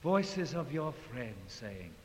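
A man preaching a sermon in a large hall, dramatic, swinging from loud passages to hushed ones. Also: medium pitch, sing-song, slow. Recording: long hall reverb, faint hiss.

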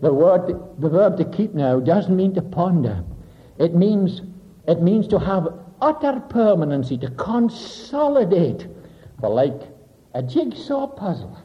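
A man preaching a sermon with dramatic delivery, sinking to a soft low voice for emphasis and explaining Greek words. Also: sing-song, measured pace. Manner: expounds Greek word meanings. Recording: dull lo-fi recording.

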